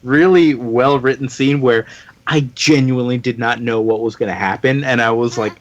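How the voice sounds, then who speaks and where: A man's voice: medium pitch, steady tone, moderate pace, highs cut off. Podcast co-host, male, loose rambling delivery, easy laughs, everyday mid-range voice. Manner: rambling, laughs often, lots of fillers. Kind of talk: casual comics chat.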